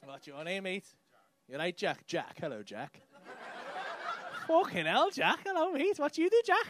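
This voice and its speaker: A man's voice: sits high, big pitch swings, a little slow, heavy background noise. A man doing stand-up, bantering with the crowd in a brash, sweary way on a comedy club stage. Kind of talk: crowd work.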